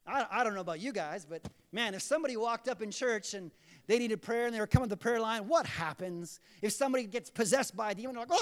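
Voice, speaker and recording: A man delivers a sermon in a church sanctuary, acting out scripture scenes with animated storytelling. His voice sits high. The sound trails off in a long hall reverb. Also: fast talker. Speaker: pastor.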